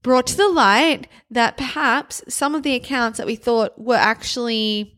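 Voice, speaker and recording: Aussie woman cohosting a podcast, bubbly and chatty, kinda high voice. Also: a little slow, a bit bright. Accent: Australian. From Australia. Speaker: podcast co-host. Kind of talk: casual podcast chat.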